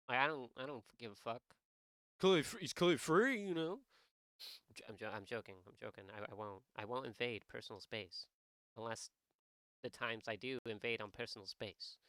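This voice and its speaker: A man's voice: mid-range voice, sharp tone, clean tone, no room sound, studio quality. A young man chatting on his live art stream, rambling and joking with lots of swearing and false starts. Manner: rambling, profane, joking, many restarts. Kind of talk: casual live-stream chat.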